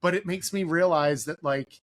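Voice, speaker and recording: Man, podcast host, casual chat, higher-pitched voice, rambling, lots of fillers. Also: moderate pace. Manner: rambling, filler-heavy, leans on "like".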